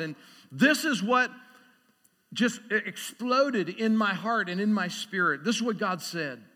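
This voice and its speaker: A man's voice: high voice, sharp tone, long reverb tail. A man preaching a sermon, talking through prayer and scripture and building to emphatic call-and-response.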